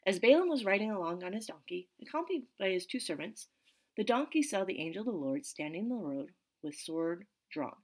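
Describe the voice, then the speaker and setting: A woman reads scripture aloud and stops to chat about it in a casual, animated way. Her voice sits at a middle pitch, and she keeps checking in with her listeners as she teaches. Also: a little fast. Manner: chatty, animated, full of "like" and "right?". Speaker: Bible study teacher. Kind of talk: casual Bible lesson.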